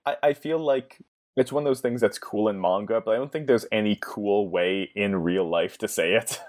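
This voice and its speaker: A man's voice: on the low side, normal speed, a little mellow. A man chatting casually as a guest on a podcast, often laughing at his own ideas.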